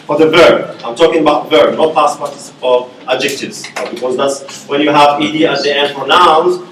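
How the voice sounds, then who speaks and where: A man's voice: a little high, steady tone, moderate pace, fairly bright tone, slight background noise. A male university lecturer teaching a class, repeating key words and checking in with "okay?" often. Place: echoey classroom. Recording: echoey room from far off.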